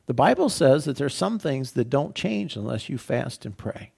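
A man's voice: medium pitch, sing-song, normal speed, vocal fry, darkish tone, breathy edge. A middle-aged male pastor preaching a sermon in a conversational way, full of "you know" fillers, and turning urgent with emphatic repetition.

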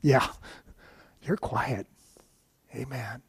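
A man's voice: mid-range voice, extremely slow, husky, dry recording. A man giving a sermon as a guest preacher, telling a story with many restarts and asides to the congregation.

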